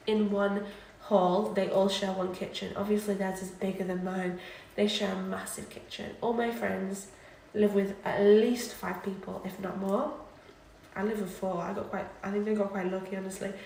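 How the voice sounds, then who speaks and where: In an echoey student flat kitchen, a drunk young adult woman from England streams late at night, rambling chattily and going over the same things again. Her mid-range voice is creaky and a bit mellow, recorded from afar with a light hiss or hum. At moments she's off-mic.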